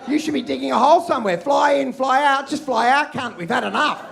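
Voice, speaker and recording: An Australian man doing dark, aggressive stand-up with shouted punchlines to a live crowd. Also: very high voice, fairly quick, vocal fry. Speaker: stand-up comedian. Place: comedy club stage with laughing audience.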